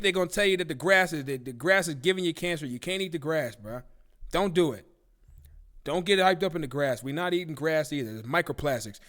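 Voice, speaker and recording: A man's voice: fairly high pitch, a bit bright. A man hosting a live-stream talk show, ranting casually with profanity and disbelief. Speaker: livestream talk show host.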